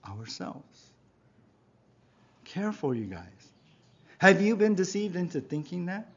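A man preaching a sermon in church, emphatic, often asking his congregation "right?", swinging between loud exhortation and quiet asides. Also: high-pitched, husky. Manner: emphatic preaching, frequent rhetorical "right?" and "yeah?". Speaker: pastor. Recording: dull lo-fi recording.

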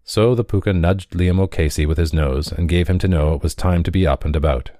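Story reader, man, low dark voice, dry close sound. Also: a little fast, no echo. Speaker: audiobook reader. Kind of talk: scripted story narration.

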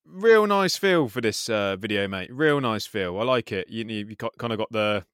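Man, casual sweary skate video co-host, excitable, dry close sound. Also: lowish voice, moderate pace, clean tone, no echo. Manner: excitable, swears freely, says "mate" often. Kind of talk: casual reaction commentary.

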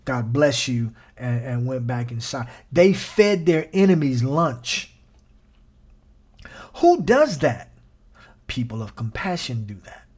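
Animated man preaching on a podcast. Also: medium pitch, slow pace, long pauses, breathy edge. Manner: animated, folksy, addresses listeners directly. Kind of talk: conversational sermon podcast.

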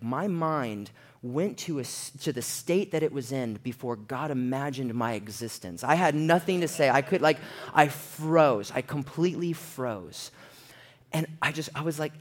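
A young man telling a personal story in a sermon, acting out the quoted voices as he goes. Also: medium pitch. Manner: animated storyteller, acts out quotes in a raised voice.

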